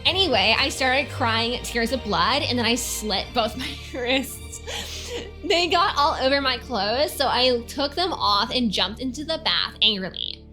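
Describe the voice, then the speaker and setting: A young woman with a high, bright voice reads a text aloud for laughs. She keeps a slow, mock-dramatic pace and breaks off with giggly, swearing asides. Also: expressive, faint music behind. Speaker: reader. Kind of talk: comedic dramatic reading.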